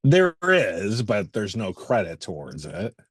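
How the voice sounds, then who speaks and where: A man's voice: on the low side, wildly swooping pitch, takes it slowly, husky, no echo, studio quality. A man co-hosting a casual movie podcast, retelling favorite scenes with laughter and casual swearing. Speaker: podcast co-host. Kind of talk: casual movie review chat.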